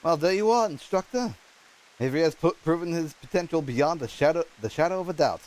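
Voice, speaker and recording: A man's voice: on the high side, animated, a little fast, a little mellow, close to an everyday voice, poor audio. A man voicing a polite, proper male noble patron, reading game dialogue aloud in a formal manner and stumbling over words.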